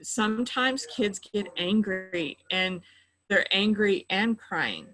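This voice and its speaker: A middle-aged woman who works in mental health offers practical guidance in a relaxed interview. She explains step by step in a patient manner, with plenty of "you know" fillers. Her pitch is ordinary for a woman. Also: takes it slowly, poor audio. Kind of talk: advice in a conversational interview.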